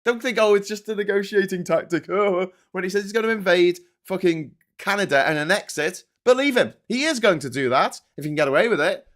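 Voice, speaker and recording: A man's voice: high voice, expressive, fairly quick, few pauses, a bit bright. A man with a Liverpool accent hosting a live political stream, ranting angrily with heavy swearing and rhetorical questions. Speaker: political commentary host.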